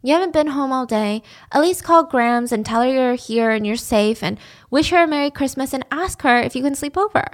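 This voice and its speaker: A woman voicing a young man who coaxes and calms his girlfriend. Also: high voice, fairly quick. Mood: coaxing. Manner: calming, persuasive. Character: young man, coaxing and soothing boyfriend.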